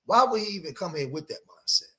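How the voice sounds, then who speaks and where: A man's voice: on the high side, lively intonation, fast talker, bright, forceful tone. A man hosting a livestream, reacting to clips in emphatic commentary and repeating phrases for emphasis.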